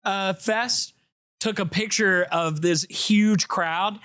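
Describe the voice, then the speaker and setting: A man's voice: high voice, takes it slowly, fairly bright tone, clean tone. A man co-hosting a podcast, chatting casually in a jokey way and laughing often. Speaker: podcast co-host. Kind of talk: casual chat.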